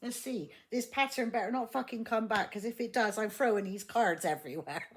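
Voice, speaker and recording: A woman's voice: a little high, brisk. A woman giving a casual tarot reading, blunt and exasperated, swearing heavily and laughing often. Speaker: tarot reader.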